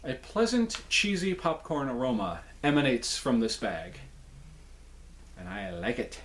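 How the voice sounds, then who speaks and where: A man's voice: mid-range voice, huge pitch swings, a little slow, fairly bright tone, slight background noise. A man reviewing snacks in a casual, chatty way, with playful jokes and asides.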